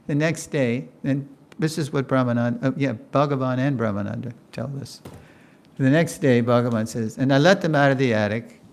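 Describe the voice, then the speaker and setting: An older man lecturing to a class, telling a story in an animated way, acting out quotes and laughing often. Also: mid-range voice, normal speed.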